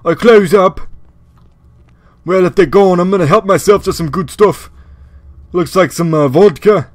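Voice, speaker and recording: A man voicing a brash young male rocker with a put-on British accent and a raspy voice. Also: high-pitched, no echo, pitched above the performer's own voice. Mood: greedy, gleeful. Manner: loud exclamations, drawn-out Oi.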